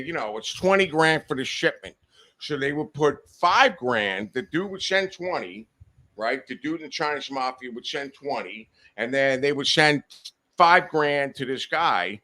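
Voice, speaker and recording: A man's voice: medium pitch, bright, forceful tone. A man in a podcast studio telling a rambling, profane anecdote with lots of quoted dialogue. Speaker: podcast guest. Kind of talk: casual storytelling. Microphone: studio podcast mic.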